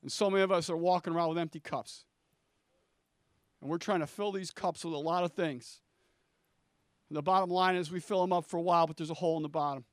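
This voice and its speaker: A man preaching a sermon to a large church, swinging from quiet prayer to shouted lines. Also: a little high, steady tone, quick pace, long pauses, dry recording, clean studio sound. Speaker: pastor. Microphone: handheld microphone.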